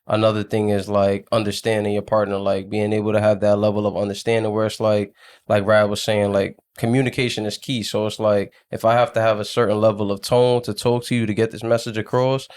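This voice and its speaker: A man's voice: on the low side, flat delivery, fairly quick, darkish tone. A man co-hosting a podcast, chatting in a laid-back way, with lots of "like" and murmured agreement. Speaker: podcast co-host. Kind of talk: casual chat.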